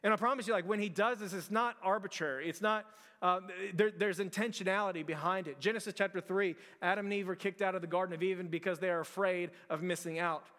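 A man's voice: sits high, steady tone, fast talker, fairly bright tone, big-room sound. A male pastor preaching a conversational sermon, with frequent restarts and fillers.

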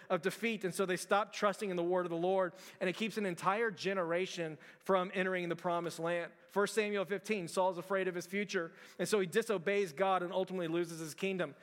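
A man's voice: sits high, a bit bright, in a large hall. A male pastor preaching a conversational sermon, with frequent restarts and fillers.

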